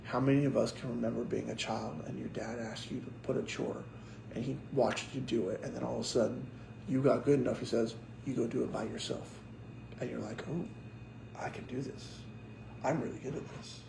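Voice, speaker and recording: A young man with a gravelly edge preaches in a relaxed, storytelling way. He acts out the voices of the people in his stories. A faint hiss sits under the recording. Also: medium pitch, a little fast, echoey room. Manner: animated storyteller acting out quotes. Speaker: pastor. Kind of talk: casual sermon storytelling.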